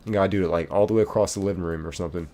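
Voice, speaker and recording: A man's voice: sits low, fairly even intonation, racing, mellow, faint music behind. A man streaming a game live, chatting casually and reading viewer comments aloud.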